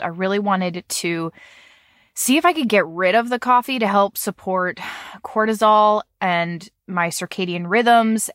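A woman's voice: mid-range voice, a bit bright, no echo, clean studio sound. A woman in her thirties hosting a podcast, chatting casually with a slightly nasal voice from a cold. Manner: chatty, with fillers and light laughs. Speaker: podcast host. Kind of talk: casual podcast chat with a sponsor read.

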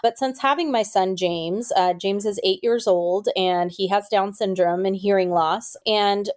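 A chatty woman appears as a podcast guest, speaking as a disability advocate in a relaxed interview. She talks casually and fills her sentences with little fillers. Her pitch is plain and middling for a woman. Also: unhurried. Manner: chatty, uses many fillers like "like" and "you know".

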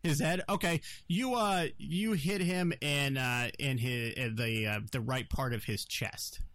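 A man running a tabletop game as game master, narrating with many pauses and fillers. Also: medium pitch, fairly bright tone, no room sound.

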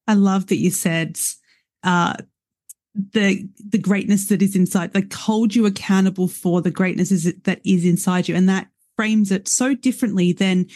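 A woman's voice: medium pitch, fairly even intonation, moderate pace, darkish tone, dry recording, studio quality. A woman hosting a podcast, talking in a passionate, affirming way. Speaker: podcast host. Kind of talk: casual interview conversation.

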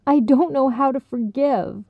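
Tearful young woman pilgrim voiced by the female narrator, pitched up and pleading, phone-thin audio. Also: a little slow, no echo. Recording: tinny phone-like sound.

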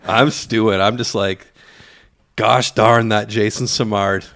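A man with a low, gravelly voice co-hosts a casual podcast from an office. He tells lively stories and acts out the lines of the people in them. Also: takes it slowly. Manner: lively storyteller, acts out quotes. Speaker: podcast co-host. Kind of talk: casual chat. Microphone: studio mic in an office.

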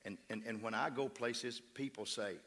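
A middle-aged pastor with a West Texas accent preaches a fervent, emphatic sermon to his church, calling out to the congregation. His voice is mid-range, husky and fairly bright, at a moderate pace. The sanctuary recording is echoey.

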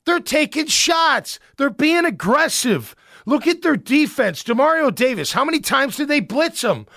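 High-pitched guy ranting about football, all fired up, dry close sound. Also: very animated, measured pace, gravelly, bright, forceful tone, no room sound. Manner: fired-up, emphatic, rambling. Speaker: sports talk show host. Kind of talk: opinionated sports commentary.

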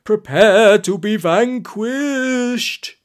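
A woman's voice: medium pitch, very slow, voice pushed up. A woman voicing a pompous, scheming male wizard in a comic audiobook, speaking in a grand, theatrical way. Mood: grandly menacing.

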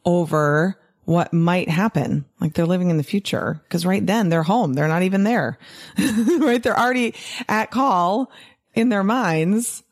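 A woman with a medium-pitched voice gives an animated, casual podcast-style monologue to fellow doctors. She often tags her points with "right?" and laughs.

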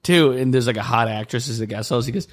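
A young man with a mid-range voice co-hosts a comedy podcast. He banters quickly and teases his co-host, swearing casually. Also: medium pitch. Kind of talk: casual chat.

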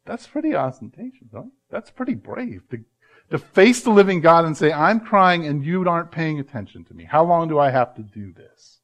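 Male pastor, slightly high voice, sermon delivery, dynamic, drops to near-quiet for emphasis. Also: expressive. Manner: emphatic, swings from loud to hushed and slows for stress.

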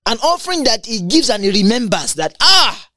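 A woman giving a Bible teaching sermon, reading verses aloud and explaining them in an animated, exclamatory way, often stumbling and repeating words. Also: a little high, brisk, dry recording.

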